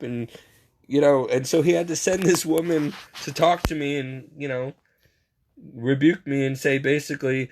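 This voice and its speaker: Speaking at a normal pace in a voice on the high side with a darkish tone, a man rambles casually through a monologue about faith. He's self-mocking and keeps chuckling as he tells his stories.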